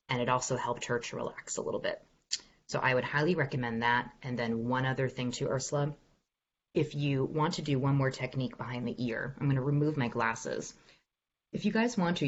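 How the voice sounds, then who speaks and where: Over a video call with dull audio, a woman with a very deep voice works as an executive voice coach. She answers questions in an online workshop, staying upbeat and encouraging while demonstrating exercises.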